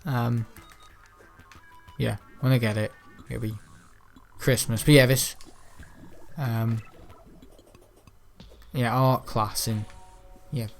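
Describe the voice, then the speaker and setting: A man's voice: medium pitch, fairly even intonation, slow, vocal fry, long pauses, faint music behind. A young man who is ill, chatting in a rambling way with many ums during gameplay commentary. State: ill, unwell. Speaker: gaming channel host.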